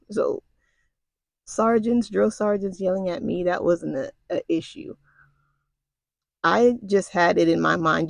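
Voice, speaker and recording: A woman's voice: on the low side, vocal fry, no room sound. A middle-aged woman casually recounting a personal story, talking in a conversational, colloquial way with frequent asides to the listener. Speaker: storyteller recounting military basic training.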